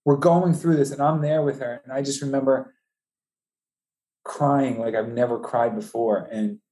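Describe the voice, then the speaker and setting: Grieving man with a mellow voice. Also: medium pitch, steady tone. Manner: halting, emotional, many restarts. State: voice breaking, high and strained with grief. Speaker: bereaved father telling his story. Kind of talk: personal storytelling interview.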